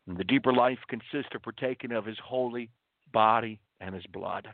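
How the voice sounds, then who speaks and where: A man's voice: mid-range voice, moderate pace, dry recording. Guy preaching on the radio, earnest and emphatic, dry tinny phone-like sound. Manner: earnest, emphatic, full of rhetorical questions. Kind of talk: radio sermon.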